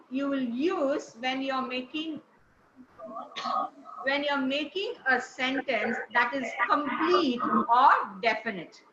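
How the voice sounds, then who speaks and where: Woman, speech trainer, encouraging, bright tone, roomy dull sound. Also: high-pitched, slight background noise. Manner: encouraging, praises students often. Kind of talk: teaching a session on intonation.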